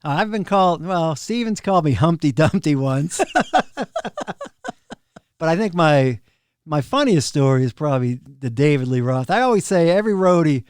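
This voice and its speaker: Animated middle-aged man telling road stories. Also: a little high, normal speed, clear, resonant tone, no room sound, studio quality. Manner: animated, laughs often, acts out quoted people. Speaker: professional drum tech, podcast guest. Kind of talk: casual storytelling of road anecdotes.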